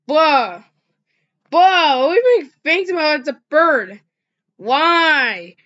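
A woman's voice: high-pitched, sing-song, pushed and bright. A woman reacting to funny clips in casual, rambling commentary with many restarts. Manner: rambling, halting, frequent restarts. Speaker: reaction video host. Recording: dull lo-fi recording.

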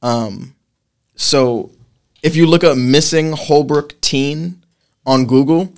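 A man's voice: on the high side, slow pace. A man in his twenties from Massachusetts, a podcast guest talking in a rambling, casual way, full of restarts. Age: 20s. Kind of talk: casual chat.

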